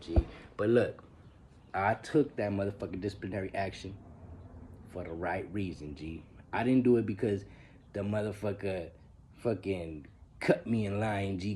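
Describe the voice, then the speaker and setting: A man with a low, mellow voice tells a story in casual street slang, full of profanity and tags like "G" and "bro", with a few Spanish words mixed in. His pitch climbs sharply whenever he acts out other people. A faint hiss of noise sits under the recording. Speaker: storyteller recounting prison life.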